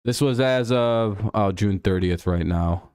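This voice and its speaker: A man's voice: on the low side, unhurried, a little mellow, clear, resonant tone, no room sound, clean studio sound. A man hosting a casual live stream, riffing sarcastically and swearing freely. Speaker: podcast host.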